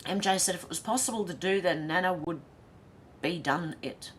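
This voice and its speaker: Chatty Australian woman with a low voice. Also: normal speed, slight background noise. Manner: chatty, laughs easily, reads comments aloud. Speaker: livestream host reading chat. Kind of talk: casual chat.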